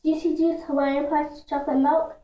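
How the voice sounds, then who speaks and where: A woman voicing a six-year-old girl who pretends to be a diva hairstylist, speaking with a fake French accent in a shrill, gushing way. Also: level tone, moderate pace, mellow, roomy sound, muffled recording, close to an everyday voice.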